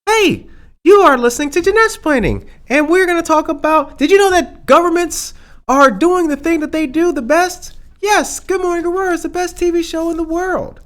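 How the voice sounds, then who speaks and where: Man doing a shrill, eager female news co-host, jokey high-pitched send-up. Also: normal speed, fairly bright tone. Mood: gushing. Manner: high chirpy gushing voice.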